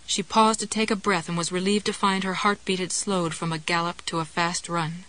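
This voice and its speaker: Give me a woman with a fairly low voice narrating a novel in a measured, wry way. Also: fairly even intonation, a bit bright, rough recording. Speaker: audiobook narrator. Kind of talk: scripted narration.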